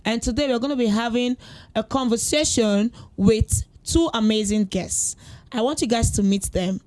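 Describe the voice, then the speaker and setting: A woman hosting a podcast in a studio, chatting casually, laughing easily and slipping in pidgin phrases. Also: fairly high pitch. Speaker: podcast host.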